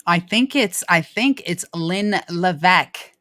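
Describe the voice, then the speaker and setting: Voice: medium pitch, expressive, slow pace, pushed and bright. A co-host in a casual livestream who mostly chimes in with short agreeing replies and dry one-liners. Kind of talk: casual chat.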